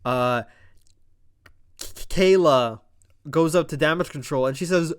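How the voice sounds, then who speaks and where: Excitable, fast-talking man reviewing wrestling. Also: a little high, smooth. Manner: breaks into loud exasperated outbursts. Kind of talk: casual recap and commentary.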